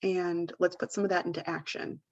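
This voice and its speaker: Chatty low-voiced woman podcast co-host. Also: steady tone, fairly quick, gravelly, a little mellow, dull audio. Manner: rambling, full of "like" and "you know". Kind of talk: casual advice chat.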